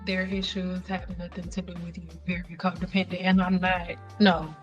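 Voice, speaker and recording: A young woman hosting a casual livestream chat, talking bluntly and with lots of profanity, telling animated stories. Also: fairly low pitch, normal speed, muffled recording, soft background music. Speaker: livestream host.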